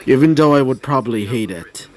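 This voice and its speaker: A man voicing a sullen teenage boy who is the son of a monster mother, speaking in a low, cold, grumbling tone and cursing. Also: animated, fairly quick, darkish tone, lightly acted. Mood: grumpy.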